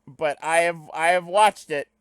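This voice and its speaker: A young man reading a webcomic aloud on stream, breaking off into loud, animated asides. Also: on the high side, unhurried, smooth, no echo, clean studio sound. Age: young adult. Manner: animated, swings to loud excited rants.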